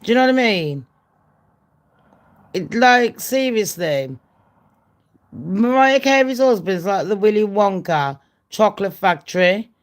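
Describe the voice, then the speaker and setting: A woman's voice: mid-range voice, expressive, a little slow, pauses often. A woman, hosting her channel and gossiping in a loose, profane way, often laughing at her own jokes. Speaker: channel host. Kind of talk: casual gossip chat.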